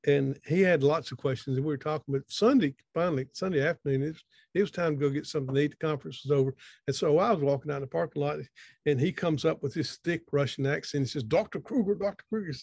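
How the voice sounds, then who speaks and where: A man's voice: fairly high pitch, steady tone, fast, gravelly, a little mellow, no room sound. A middle-aged man giving an informal, sermon-style talk over a video call, folksy and rambling, often restarting his sentences. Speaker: conference speaker.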